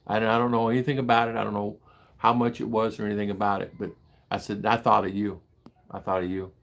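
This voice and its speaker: An older man from the United States talks off the cuff in a rambling way, his voice gravelly with fry. He drifts between stories and viewer comments and turns indignant and heated when he gets going. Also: on the low side, little pitch movement, fast. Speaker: livestream host reading chat. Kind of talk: casual livestream chat. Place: home in the Philippines.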